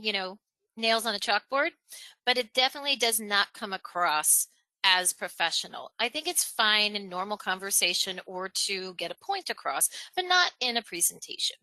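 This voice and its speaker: A woman presenting a live webinar on speaking skills, animated and chatty, acting out examples. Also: moderate pace, clear, resonant tone, no room sound, poor audio. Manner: animated, acts out examples in a higher voice, laughs between points. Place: online webinar, home or office.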